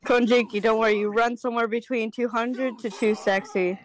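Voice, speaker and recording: A woman's voice: a little high, steady tone, a little fast, poor audio. A young woman on a voice call, out of breath, chatting with sarcastic teasing. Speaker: stream guest. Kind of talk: casual voice chat.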